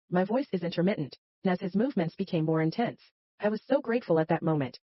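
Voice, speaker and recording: Breathy woman narrating a romance story. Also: lowish voice, quick pace, dry recording, muffled recording.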